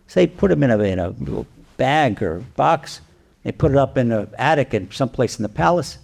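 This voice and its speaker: A man, a rabbi, giving a sermon, telling a parable in an animated way with rhetorical questions. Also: medium pitch, a little fast, gravelly. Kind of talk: sermon with storytelling.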